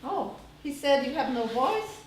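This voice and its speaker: A woman's voice: high voice, big pitch swings, measured pace, a little hiss or hum. A woman voicing a tired, blunt mother who teases her child, recorded live on a theater stage. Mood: teasing. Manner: bluntly teasing, chuckling. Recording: live stage, roomy hall from far off.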